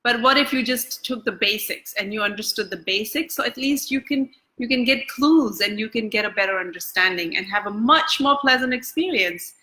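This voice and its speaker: Bright-voiced woman coaching on camera. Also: a little high, moderate pace, few pauses, rough recording. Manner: conversational, many fillers and restarts. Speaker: EFT coach. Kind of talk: casual talk-to-camera teaching. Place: Bangkok.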